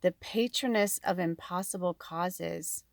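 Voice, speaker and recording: A woman's voice: fairly low pitch, unhurried, gravelly, dry recording, studio quality. A woman giving a casual spiritual card reading in a rambling, chatty way, full of fillers, recorded at home on a farm. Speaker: tarot and oracle card reader.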